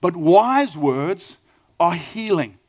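A middle-aged man with a South African accent, preaching a sermon with lively storytelling and questions to the audience. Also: high voice, slow. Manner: animated storytelling, asks the audience questions, acts out quoted dialogue. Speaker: pastor.

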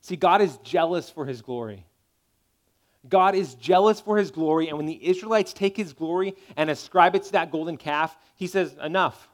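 A man delivering a sermon in a fairly high voice. He preaches in a conversational, emphatic way and keeps checking in with his listeners. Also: moderate pace. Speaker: pastor.

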